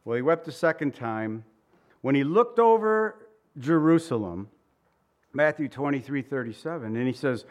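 A man's voice: medium pitch, expressive, moderate pace. A male pastor preaching a sermon in a conversational way, acting out quoted asides and asking rhetorical questions.

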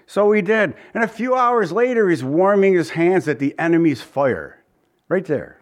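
A man's voice: high voice, big pitch swings, moderate pace. A man preaching a sermon as pastor, earnest and conversational, pleading at times with his listeners. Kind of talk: expository sermon.

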